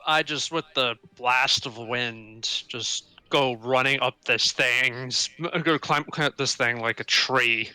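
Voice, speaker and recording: A man's voice: mid-range voice, slow, few pauses, sharp tone, clean tone, no echo. A man playing a tabletop game who hesitantly describes his character's moves, often searching for words. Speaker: player.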